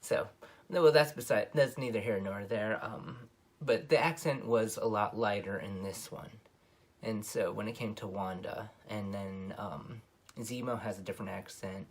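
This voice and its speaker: A man gives a casual, rambling film review full of ums and self-corrections, his voice jumping up on emphatic points. He speaks at a moderate pace with a fairly low pitch and a breathy edge.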